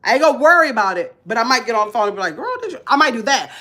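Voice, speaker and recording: A woman in her fifties speaks with a nasal, high voice that sits above most women's. She lectures her viewers bluntly in a casual live stream and stops to read out their comments. Her tone is bright and forward. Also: lively intonation, rapid-fire. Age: 50s. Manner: blunt, preachy, reads comments aloud. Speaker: vlogger.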